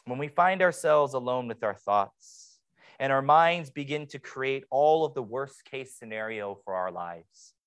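A young man preaching a sermon as pastor, swinging between hushed, quiet passages and playful mock-excited sarcasm. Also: mid-range voice, unhurried, smooth.

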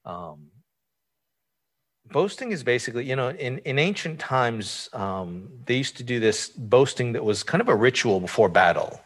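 A man's voice: medium pitch, expressive, normal speed. A man preaching a conversational sermon, informal and explanatory, often asking rhetorical questions. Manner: informal, asks rhetorical questions, frequent fillers.

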